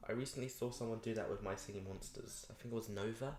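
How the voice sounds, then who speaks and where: A man's voice: fairly low pitch, fast. Rambling male streamer in an echoey room. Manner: rambling, self-mocking, repeats words playfully. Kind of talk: casual live stream chatter while drawing. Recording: echoey room, faint noise.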